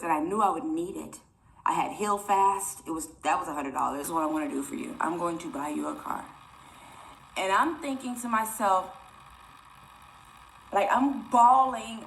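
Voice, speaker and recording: Bright-voiced woman telling her story. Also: on the low side, slight background noise, poor audio. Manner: animated, addresses viewers as y'all, quotes others. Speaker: food delivery driver and vlogger. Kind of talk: casual storytelling to viewers.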